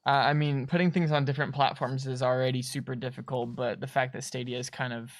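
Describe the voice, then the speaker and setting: A young man co-hosting a livestream in casual chat, reacting quickly and excitably. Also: mid-range voice. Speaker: livestream co-host.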